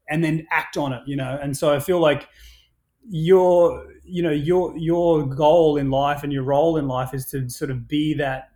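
Energetic man telling stories. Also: a little high. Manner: energetic storytelling, swears freely, many restarts. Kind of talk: casual podcast chat.

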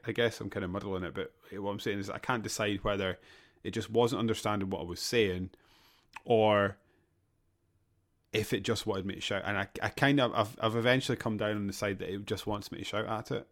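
A man's voice: fairly low pitch, steady tone, brisk, fairly bright tone. A man in a casual gaming podcast chat, easygoing and laughing often, often restarting his sentences. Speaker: podcast co-host.

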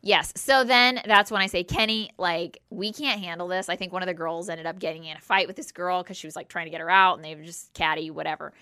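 A woman with a lowish but bright, forceful voice chats through an anecdote, peppering it with casual fillers. Her voice comes across smooth and crisp, recorded dry and close with no room sound. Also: steady tone, fast talker, few pauses, no echo. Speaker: co-host, property manager. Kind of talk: casual storytelling chat.

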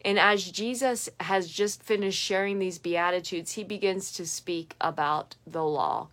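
A young adult woman giving an earnest, emphatic devotional reflection that speeds up and slows down. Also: fairly low pitch, a bit bright. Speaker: devotional podcaster.

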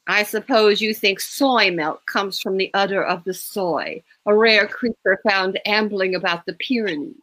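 A woman voicing a snooty, dry-witted wealthy man with a put-on English accent, speaking in a slow, haughty drawl. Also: medium pitch, fairly bright tone, no room sound, close to an everyday voice.

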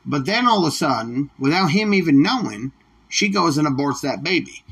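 A man's voice: fairly high pitch, expressive, normal speed, a bit bright, slightly rough. A man hosting a solo podcast, ranting bluntly with heavy swearing. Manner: profane, blunt, defiant. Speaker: podcast host. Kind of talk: solo opinion rant.

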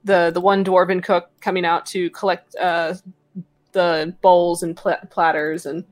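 A woman with a fairly low voice narrates a tabletop game as game master. She talks in a relaxed, halting way with plenty of fillers. The sound is dry and close. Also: no room sound.

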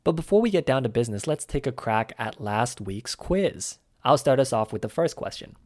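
A man co-hosts a scripted language-lesson podcast. He speaks at an ordinary male pitch and teaches in an upbeat, quiz-style manner, breaking words down step by step. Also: very animated, normal speed, darkish tone. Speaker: podcast co-host.

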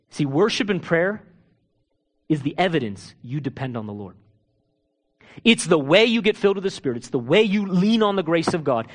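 A male pastor delivers a sermon in a high voice, posing rhetorical questions. He swings between hushed, intimate moments and loud, urgent ones.

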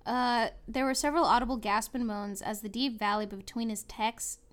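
A young woman co-hosting a casual podcast, reading fanfiction aloud and rambling crudely with animated impressions. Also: on the high side, moderate pace. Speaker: podcast co-host.

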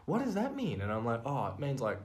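A woman's voice: rumbling low, wildly swooping pitch, fast, a crowd in the background. An Australian woman co-hosting a podcast, telling stories in casual chat with frequent laughter. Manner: laughs often, rambling storytelling. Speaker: podcast co-host.

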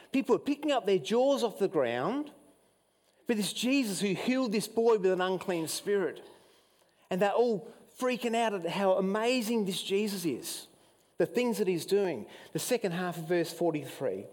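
Animated Australian preacher in a reverberant hall. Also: male voice, normal speed. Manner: animated storytelling preacher, rising pitch when excited, admits getting emotional. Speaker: pastor. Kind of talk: sermon. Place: church hall.

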